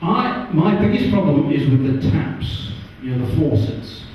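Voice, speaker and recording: An English man doing a stand-up comedy set on a pub stage, animated and jumping into high voices for characters. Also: unhurried, a little hiss or hum. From England. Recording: distant, roomy and muffled pub recording.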